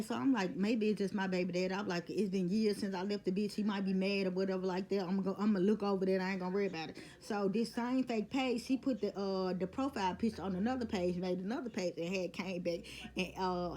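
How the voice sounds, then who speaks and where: A woman tells a personal story in a casual vlog. She talks in an animated, blunt way and swears freely, with a mid-pitched voice. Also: quick pace. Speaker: storyteller vlogger.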